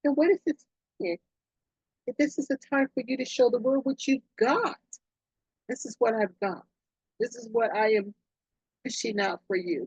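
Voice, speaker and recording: A woman hosting a casual spiritual podcast, reading oracle cards in an effusive, excitable way. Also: moderate pace, pauses often, slightly rough, no echo, dull audio. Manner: effusive, excitable, swoops up and down in pitch. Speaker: podcast host, oracle card reader.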